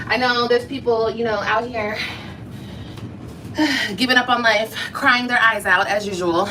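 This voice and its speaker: A woman's voice: on the high side, unhurried, very noisy. A woman ranting on a livestream, mocking and profane, sometimes faking crying. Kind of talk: livestream rant.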